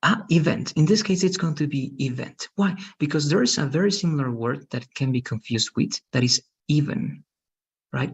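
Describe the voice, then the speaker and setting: A man's voice: a little high, lively intonation, moderate pace, husky, highs cut off. A man teaching English pronunciation on a video call, patient and explaining, checking understanding with frequent questions. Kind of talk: online pronunciation lesson.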